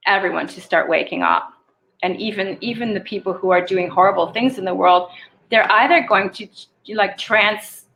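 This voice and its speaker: Animated woman host coaching viewers. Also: medium pitch. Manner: animated, swears casually, laughs often, acts out inner voices. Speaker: spiritual live show host. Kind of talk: casual spiritual coaching, answering viewer questions.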